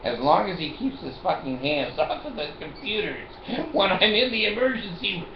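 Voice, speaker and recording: An older man vlogs from a chair at home, talking casually to the camera in a high, lively voice at normal speed. He rambles, jokes and laughs often. The home recording sounds roomy and dull, with a little hiss or hum.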